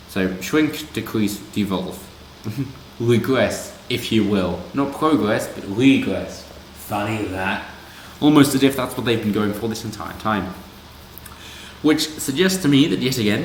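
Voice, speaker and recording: Sarcastic and rambling, a man with a fairly low voice comments casually on a news story, full of asides. There's slight background noise, and the room gives the recording an echo.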